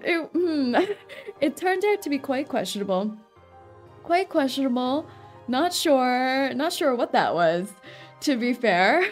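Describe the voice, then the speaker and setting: A woman with a high voice streams a game and chats playfully at an easy, slow pace, giggling between thoughts. Her casual live-stream talk wanders from one joke to the next.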